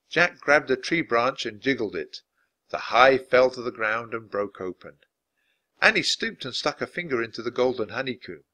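Male storyteller for a children's book read-aloud, bright and lively, expressive delivery. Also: medium pitch. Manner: expressive, animated narration. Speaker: dad reading aloud.

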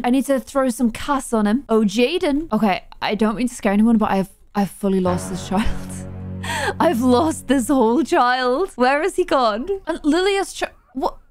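Lively, expressive woman gaming. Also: on the high side. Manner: chatty, exasperated, quick to exclaim at mishaps. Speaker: gaming YouTuber. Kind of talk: casual gameplay commentary.

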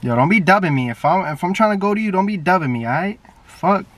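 Young new guy on a phone video chat, brash and cussing a lot, kinda high voice, sounds far from the mic. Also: lively intonation, quick pace. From New York. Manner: brash, profane, teasing. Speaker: YouTuber. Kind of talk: casual video chat with strangers. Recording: distant phone mic, faint background noise.

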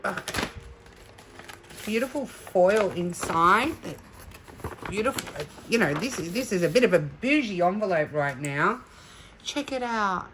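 A woman's voice: mid-range voice, expressive, takes it slowly, noisy background. A woman chatting through a craft kit unboxing, gushing and emotional. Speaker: crafting vlogger. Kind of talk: casual unboxing chat.

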